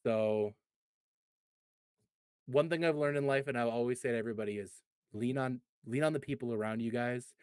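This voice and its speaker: A man's voice: medium pitch, normal speed, long pauses, darkish tone, clear, resonant tone, no echo. A man in his thirties talking casually and earnestly, often stumbling over and repeating his words as he tells a personal story. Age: 30s. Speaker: community advocate guest.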